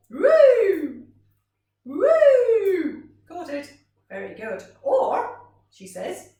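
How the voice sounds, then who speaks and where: A woman music teacher leading a gentle, encouraging vocal warm-up lesson for children, in a sing-song way. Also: medium pitch, creaky, far from the mic. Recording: roomy sound from off-mic.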